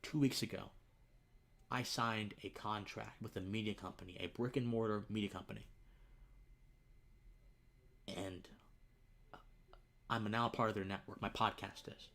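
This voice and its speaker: Earnest young man, halting and emotional. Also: fairly low pitch, fairly even intonation, gravelly, fairly bright tone. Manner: earnest, halting, repeats words, drops to near-whispers. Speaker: political podcaster and streamer. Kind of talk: emotional live-stream monologue.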